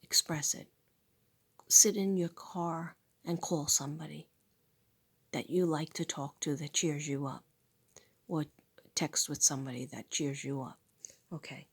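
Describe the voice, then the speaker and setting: A middle-aged woman speaks in a hoarse, breathy half-whisper because she is losing her voice. She talks slowly and gently, with a slightly low tone, and repeats spiritual affirmations in a soft, unhurried way. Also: fairly even intonation. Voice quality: breathy, husky. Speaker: spiritual teacher and channel host. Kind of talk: slow casual spiritual talk with affirmations.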